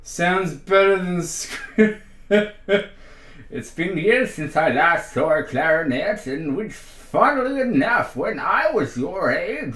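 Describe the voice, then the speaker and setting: Irish guy on a livestream, giggly and playful, slow easy pace, bouncy pitch, roomy echo. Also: a bit bright. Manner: giggly, playful, laughs often. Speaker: livestreaming musician. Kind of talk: casual livestream chat.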